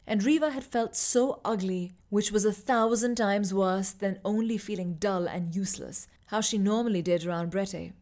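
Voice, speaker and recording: Female story reader: measured, expressive narration. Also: mid-range voice. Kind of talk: scripted narration.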